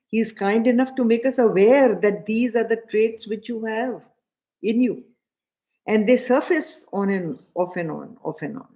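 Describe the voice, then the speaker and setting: A middle-aged scripture teacher with an Indian English accent gives a deliberate spiritual discourse, repeating key phrases and occasionally chanting verses slowly. Her voice is medium-pitched and mellow.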